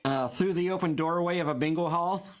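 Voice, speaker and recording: A man's voice: on the high side, brisk, noisy background. A man playing improv on a video call, laid-back and murmuring along with others. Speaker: improv player. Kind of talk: improv comedy.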